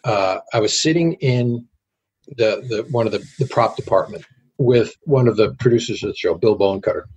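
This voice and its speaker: A middle-aged man, guest on an interview show, telling anecdotes in a casual, animated way. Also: on the low side, moderate pace, slightly rough. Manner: animated anecdotes with acted quotes.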